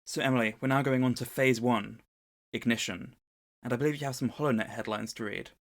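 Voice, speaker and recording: A man with a gravelly, creaky voice at a middle pitch, co-hosting a relaxed podcast. He walks his listener through a story's plot in a loose, conversational way. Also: brisk. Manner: storytelling summary of a book plot. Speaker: podcast co-host. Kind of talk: casual podcast recap.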